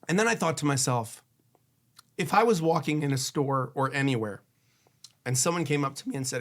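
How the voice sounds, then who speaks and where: A man coaching a married couple, his voice bouncing up and down with lively energy. He talks casually, acts out what each spouse might say, and turns hushed when he tells a personal story. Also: a little high, fairly quick. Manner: animated, conversational, acts out both spouses' lines; drops to a soft hush when sharing a personal story. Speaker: divorce attorney giving marriage advice. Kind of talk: candid advice session.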